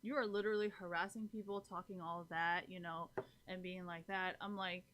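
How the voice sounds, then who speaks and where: A woman's voice: on the low side, flat delivery, brisk, fairly bright tone, slight background noise. A woman livestreaming who talks bluntly to her viewers, rants, swears freely and keeps asking if they follow. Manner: keeps checking in with listeners. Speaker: live streamer. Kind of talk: casual talk to stream chat.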